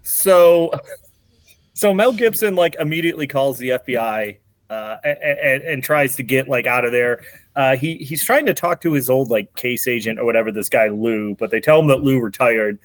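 A man's voice: medium pitch, moderate pace, no echo. A man hosting a podcast, casually recapping a movie plot with lots of fillers and restarts. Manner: rambling, many fillers and restarts. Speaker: podcast host.

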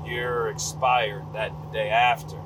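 A man talks from behind the wheel in a loose, rambling way, cursing freely and stopping to fix his own sentences. His voice sits at an ordinary middle pitch for a man. The car's engine and road noise are clearly heard under him. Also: flat delivery, takes it slowly. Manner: rambling, profane, self-correcting. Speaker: vlogger telling a story. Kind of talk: casual storytelling while driving. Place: inside a moving car. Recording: car interior with road noise.

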